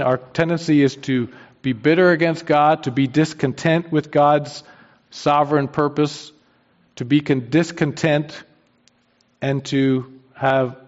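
A man preaching a sermon, swinging from quiet low lines to emphatic, rising peaks. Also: lo-fi sound.

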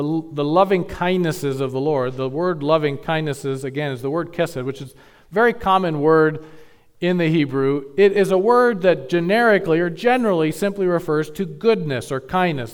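A man preaching a sermon, teaching carefully with measured emphasis and occasional restarts. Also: on the high side, clean tone. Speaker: pastor.

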